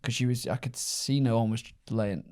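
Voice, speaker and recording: A man's voice: medium pitch, fairly even intonation, moderate pace, darkish tone, no room sound, studio quality. A young man co-hosting a casual podcast, telling stories and laughing at himself. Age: young adult. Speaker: podcast co-host.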